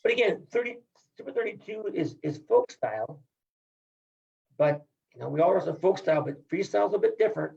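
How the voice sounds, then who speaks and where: A man's voice: a little high, animated, a little fast, creaky, dark tone, muffled recording. A middle-aged man from Iowa, a wrestling coach, talking in a casual podcast interview in an emphatic, upbeat, folksy way.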